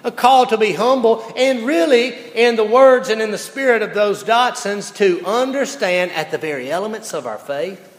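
Folksy preacher in echoey hall. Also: male voice, high voice, expressive, normal speed. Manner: folksy storytelling, swinging from loud to hushed. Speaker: pastor. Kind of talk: sermon. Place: church sanctuary. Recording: echoey church hall reverb.

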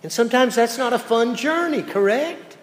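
Folksy preacher in echoey hall. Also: male voice, extremely high pitch, animated, normal speed. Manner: folksy storytelling, swinging from loud to hushed. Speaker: pastor. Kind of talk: sermon. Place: church sanctuary. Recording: echoey church hall reverb.

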